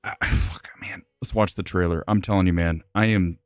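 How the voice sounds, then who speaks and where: A man's voice: deep voice, steady tone, normal speed, dry recording, soft background music. A man hosting a live movie review stream, ranting furiously and swearing about a film. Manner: furious, swearing, exaggerated outbursts.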